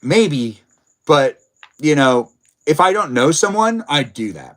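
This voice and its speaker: A man's voice: fairly high pitch, very animated, fairly quick, fairly bright tone. Guy on a live stream just talking, rambly, lots of "like", reading chat as he goes. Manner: rambling, many filler words; reads and answers chat messages. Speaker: livestream host. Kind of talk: casual livestream chat.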